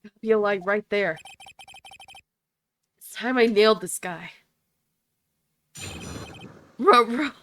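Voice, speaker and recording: A woman's voice: mid-range voice, moderate pace, pauses often. A woman giving casual playthrough commentary, giggly and self-mocking as she tries silly cartoon voices. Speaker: gamer.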